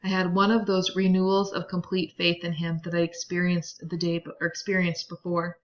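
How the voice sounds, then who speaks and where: A woman reading a young man's narration from a novel in her own plain, even voice. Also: lowish voice, a little fast, highs cut off, close to an everyday voice. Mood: admiring.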